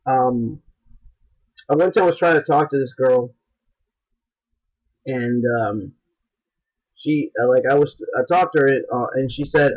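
A man co-hosting a podcast in casual chat, dropping deadpan wisecracks and blunt, profane complaints. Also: medium pitch, measured pace, pauses often, highs cut off. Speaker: podcast co-host.

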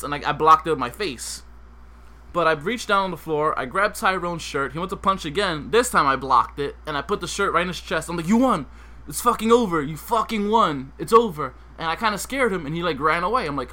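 Young man, podcast host, animated storyteller, slightly high voice, bright tone. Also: fairly quick. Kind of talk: casual comic storytelling.

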